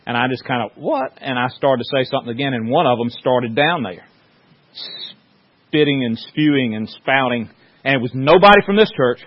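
A man's voice: medium pitch, a little fast. A man preaching a sermon in a folksy, joking storytelling way, with many restarts. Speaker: pastor. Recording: dull lo-fi sound.

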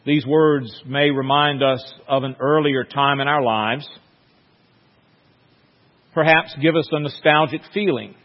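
A man preaching a sermon in a slow, measured way, reading scripture and telling a story with long pauses. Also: mid-range voice, fairly even intonation. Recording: dull sound with long hall reverb.

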